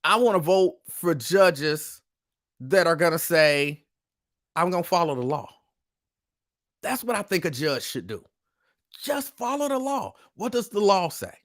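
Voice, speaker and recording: A man hosts a casual live stream. His voice sits a little high, and he hammers points home by repeating himself in plain, conversational speech. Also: sing-song, unhurried, a bit bright. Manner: emphatic, repetitive, conversational. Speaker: host.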